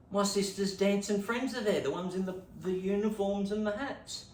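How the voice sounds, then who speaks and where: A man with an Australian accent rehearsing stand-up, telling a story with lots of swearing and sudden jumps from whispers to shouts. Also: sits high, slight background noise. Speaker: stand-up comedian. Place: room at home. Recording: echoey room, distant mic.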